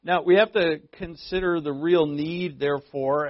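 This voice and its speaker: A man preaching a conversational sermon, earnest, asking rhetorical questions and shifting from emphatic to hushed. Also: fairly high pitch, fairly even intonation, normal speed, few pauses, no room sound, muffled recording. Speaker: pastor.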